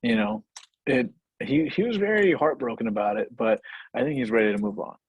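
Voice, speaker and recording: Husky young man with a wry tone. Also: mid-range voice, very animated, fairly quick, dry recording, poor audio. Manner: wry, teasing interjections. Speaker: podcast co-host. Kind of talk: casual chat.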